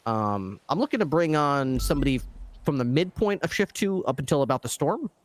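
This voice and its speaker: A man's voice: a little high, sing-song, slight background noise. A man playing a polite police dog-unit boss. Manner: polite, halting with many ums. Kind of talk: improvised game role-play.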